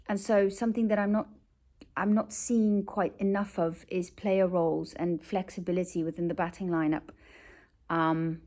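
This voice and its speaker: A woman from South Africa talks casually and directly to her audience, giving frank opinions in an easygoing, conversational way. Her voice sits at an ordinary middle pitch. Soft music plays faintly underneath. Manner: candid, chatty, addresses viewers directly. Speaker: cricket vlogger.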